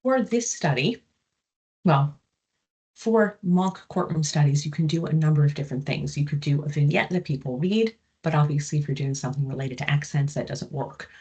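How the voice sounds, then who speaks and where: A woman professor giving an academic talk on research findings, measured and explanatory, with frequent filler words. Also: deep voice, warm tone, slightly rough, dull audio. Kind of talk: academic presentation.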